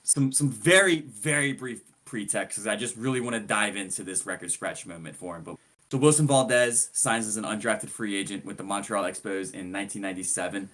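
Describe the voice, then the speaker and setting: A man co-hosting a podcast, running through a sports story in a relaxed, joking, conversational way. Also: fairly low pitch, fairly quick. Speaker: podcast co-host. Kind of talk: casual sports chat.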